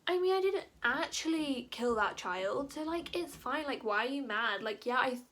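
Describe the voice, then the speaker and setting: A woman's voice: high voice, animated, moderate pace, a bit bright. A woman voicing a smug, manipulative young man who brushes things off in an airy, dismissive way, full of casual fillers.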